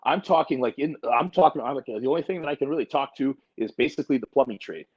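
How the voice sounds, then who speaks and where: Blunt, husky-voiced man in his forties. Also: medium pitch, lively intonation, fast talker. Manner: blunt, profane and emphatic. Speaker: podcast co-host. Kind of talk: casual podcast chat. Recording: dull lo-fi recording.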